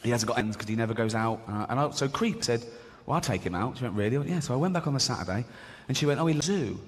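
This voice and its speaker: Comedian mocking on stage. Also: male voice, animated, rapid-fire. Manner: chatty, mocking, laughs at his own jokes, swings into high-pitched mock voices. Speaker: stand-up comedian. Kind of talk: stand-up comedy routine. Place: large theatre with live audience. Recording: echoey hall with audience noise.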